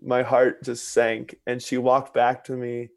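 A man's voice: medium pitch, monotone, a little slow, vocal fry, no room sound. A man who is a podcast guest tells a personal story in a casual, conversational way, candid and self-mocking, and acts out what other people said.

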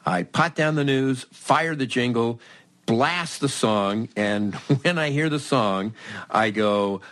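A man's voice: mid-range voice, takes it slowly, fairly bright tone, dry recording. A man hosting a podcast, telling a comic anecdote in a wry, self-mocking way and acting out both sides of the dialogue. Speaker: podcast host.

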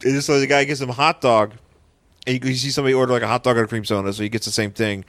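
A man's voice: medium pitch, fairly even intonation, rapid-fire, fairly bright tone, dry recording. A man co-hosting a podcast, recapping a comic in rambling casual chat that often restarts its sentences. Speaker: podcast co-host.

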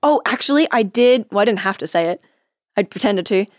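A young woman with an Australian accent chats casually, laughing easily and poking fun at herself. Her voice sits at a middle pitch and sounds dry and close to the mic, with almost no room around it. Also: animated, a little fast, no echo. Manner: giggly, self-deprecating. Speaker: commercial actor, guest. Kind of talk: casual chat.

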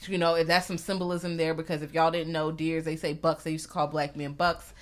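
A woman co-hosting a casual talk show, retelling a film with profane, animated storytelling. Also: low voice, a little fast. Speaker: podcast co-host. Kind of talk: casual chat, movie recap.

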